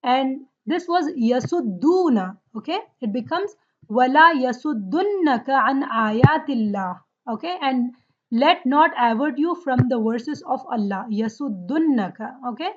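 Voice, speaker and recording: A woman teaching Arabic grammar, slowly drilling word forms and checking in with her students. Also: high-pitched, expressive, dull audio. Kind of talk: lesson on Quranic Arabic grammar.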